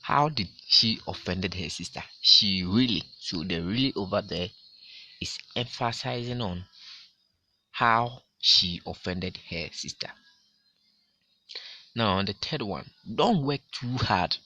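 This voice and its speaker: A male teacher walks his class through a grammar lesson, repeating each example and leaning hard on the key words. His voice sits a little low but sounds bright and forceful. A faint hiss runs underneath. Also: muffled recording. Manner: slow, repetitive explaining with emphatic stress.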